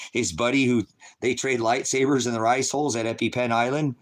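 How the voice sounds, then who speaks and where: A man's voice: mid-range voice, fairly even intonation, moderate pace. A man hosting a casual livestream, rambling in a conspiratorial way, laughing often and answering viewers in chat. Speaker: livestream host.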